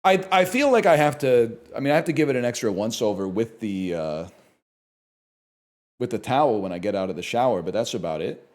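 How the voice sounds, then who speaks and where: Animated, profane man streaming live. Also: mid-range voice, quick pace, few pauses. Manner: animated, profane ranting to chat. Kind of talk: casual live-stream chat.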